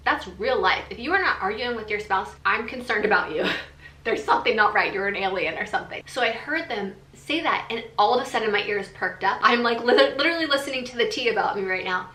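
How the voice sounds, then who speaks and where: A woman talks straight to her viewers in a candid, rambling storytime. Her voice is bright and forward. The room around her is roomy, with a noticeable echo. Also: a little high, a little fast. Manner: frank and chatty, full of "like" fillers. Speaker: vlogger. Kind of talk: storytime chat.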